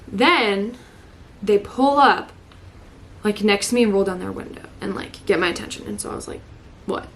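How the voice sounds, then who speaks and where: A woman's voice: mid-range voice, normal speed, pauses often, a little hiss or hum. Young woman, vlogger, tearful, casual storytime, filler-heavy talk. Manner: emotional, heavy use of "like", breaks into laughs. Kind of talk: emotional storytime chat.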